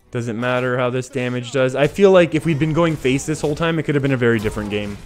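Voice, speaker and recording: A man's voice: mid-range voice, fast talker, few pauses. Chatty Canadian man streaming a card game. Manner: chatty, laughs often, reads out chat. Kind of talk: live gameplay commentary. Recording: faint music behind.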